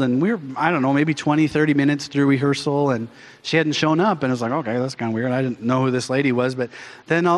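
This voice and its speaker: A middle-aged pastor preaching from the pulpit in a big church, his fairly high voice ringing out with a long hall echo. He tells stories with animated energy, slipping into acted voices along the way. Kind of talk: sermon. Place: church sanctuary.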